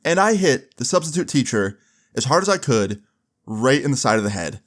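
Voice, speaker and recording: A young man casually telling a story, with a relaxed, loose delivery full of fillers and some swearing. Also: mid-range voice, moderate pace. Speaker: storyteller vlogger.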